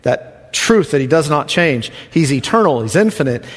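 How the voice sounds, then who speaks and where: A man preaching a sermon as pastor, swinging from soft, quiet passages to loud emphatic lines. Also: a little high, sing-song, moderate pace, slightly rough, long reverb tail.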